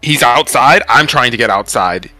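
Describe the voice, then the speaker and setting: A man's voice: mid-range voice, lively intonation, normal speed, bright, forceful tone, dry recording, soft background music. A man playing his character, a frantic young man trapped in a dream, stammering and desperate.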